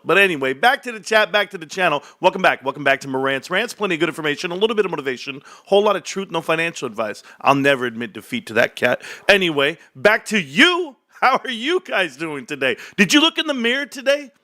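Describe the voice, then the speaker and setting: A man's voice: mid-range voice, sharp tone. A man hosting a casual stock market livestream, brash and boastful, joking with his chat. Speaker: livestream host.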